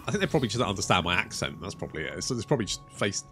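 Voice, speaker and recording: Lively, rambling sweary male gamer. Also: on the low side, rapid-fire. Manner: rambling, sweary, self-mocking. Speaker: gaming YouTuber. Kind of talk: casual let's-play commentary.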